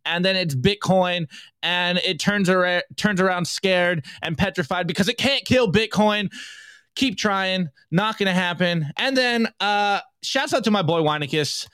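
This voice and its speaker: Podcast co-host, male, higher voice, dry close sound, slangy and energetic. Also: clear, resonant tone, dry recording. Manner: energetic, slangy, quick asides. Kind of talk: casual chat, reading memes aloud.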